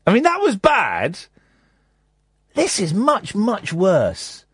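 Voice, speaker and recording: English man, husky radio host, animated delivery, jokey and mischievous, dry studio sound. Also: sits high, takes it slowly, dry recording. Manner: jokey, mischievous, playful asides. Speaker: radio talk show host. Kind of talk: comedic live radio chat.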